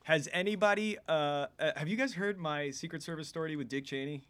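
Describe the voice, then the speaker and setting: Guy cohosting a movie podcast, kinda high voice, rambly, keeps cutting himself off. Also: fairly even intonation, fairly quick, fairly bright tone, clean tone. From United States. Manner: rambling, self-interrupting storyteller. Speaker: podcast co-host. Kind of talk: casual chat about films.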